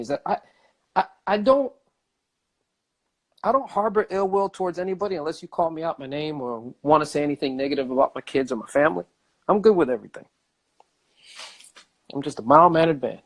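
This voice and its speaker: A man vlogging a casual rant, emphatic and animated, repeating himself and swearing. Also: fairly high pitch, a little fast, pauses often.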